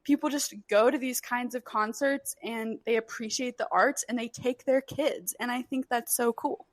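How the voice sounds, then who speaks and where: A woman's voice: a little high, fairly even intonation, moderate pace, dry recording. A young woman co-hosting a podcast, telling stories in casual chat with lots of fillers. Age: young adult. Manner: chatty storyteller, many fillers. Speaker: podcast co-host.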